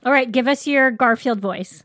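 A woman co-hosting a family podcast in a playful, teasing way. Her voice sits a bit high and the recording is dry and close. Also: normal speed, fairly bright tone, dry recording. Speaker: podcast co-host and mother. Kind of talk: casual family chat.

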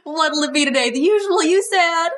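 A woman's voice: very high voice, normal speed, fairly bright tone, pitched above the performer's own voice. A woman doing a folksy Southern diner waitress. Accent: put-on Southern.

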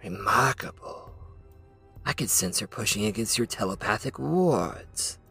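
A man voicing a severe, cold male villain who speaks calmly and deliberately. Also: fairly low pitch, vocal fry, breathy edge, soft background music, pitched above the performer's own voice, heavily acted.

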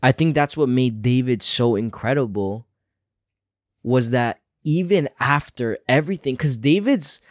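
A man's voice: medium pitch, animated, unhurried, no room sound, clean studio sound. A man co-hosting a casual Bible discussion podcast, speaking earnestly and reflectively as he draws lessons about faith. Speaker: podcast co-host.

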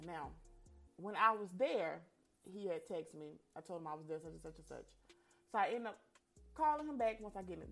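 Young woman talking straight to her listeners, bright voice, swears a lot, real open and lively. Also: mid-range voice. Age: young adult. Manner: frank, profane, animated. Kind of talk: candid storytelling to listeners.

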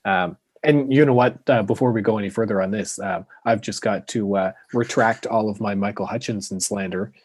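A man's voice: fairly low pitch, moderate pace, hardly any pauses, darkish tone, husky, no room sound. Rambling casual man, dry close sound. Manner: rambling, lots of fillers and restarts. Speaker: podcast co-host. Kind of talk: casual hockey chat.

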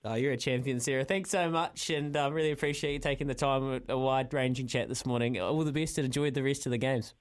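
A man's voice: medium pitch, quick pace, hardly any pauses, clear, resonant tone. A man hosting a casual sports talk show, teasing his co-hosts and laughing often. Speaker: radio show host.

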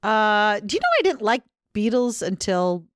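A woman co-hosts a podcast with wry, teasing asides in casual chat. Her voice sits mid-pitch, and the recording is dry and close. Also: sing-song, moderate pace, no echo. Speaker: podcast co-host.

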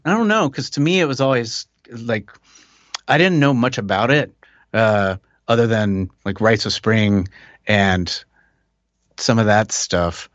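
A man's voice: lowish voice, unhurried, a bit bright, dry recording, dull audio. A man talking as a musician guest on a podcast from home, speaking animatedly and gesturing into a desk microphone. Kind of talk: casual interview chat.

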